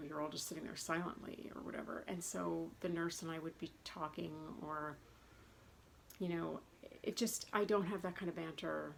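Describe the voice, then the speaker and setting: A middle-aged woman with a fairly low, gravelly, fairly bright voice talks at length in a personal vlog. She's chatty and rambling and calls herself a talker. The audio is poor, with faint background noise.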